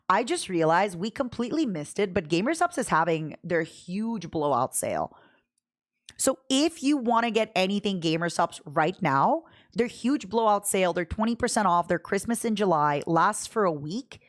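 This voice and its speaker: A woman's voice: medium pitch, big pitch swings, moderate pace. Young female streamer, bubbly, chatty, talks straight to her viewers. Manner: bubbly, talks to chat, jumps from topic to topic. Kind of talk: casual livestream chat.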